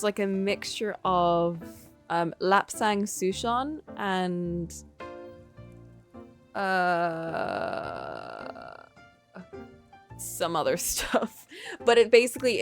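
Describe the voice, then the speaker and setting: A woman's voice: medium pitch, creaky. Chatty, giggly young woman streamer. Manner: chatty, giggly, swears casually. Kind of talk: casual game commentary. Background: faint game music.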